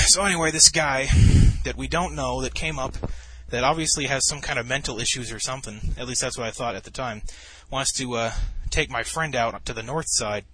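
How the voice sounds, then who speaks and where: A man in his twenties telling a long, rambling story in casual chat, deadpan and full of swearing. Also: mid-range voice, moderate pace. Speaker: gamer narrating over a replay.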